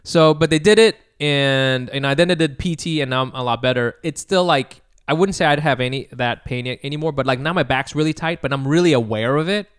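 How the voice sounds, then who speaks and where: A man's voice: medium pitch, fairly quick, few pauses, clear, resonant tone. A young man co-hosting a podcast, chatting casually and telling a rambling story with plenty of casual swearing. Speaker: podcast co-host. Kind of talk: casual chat.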